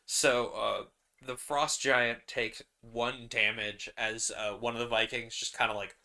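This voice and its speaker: Bright-voiced man narrating a solo game. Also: mid-range voice, little pitch movement, a little slow. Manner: rambling, laughs often, many fillers. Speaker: solo tabletop game player.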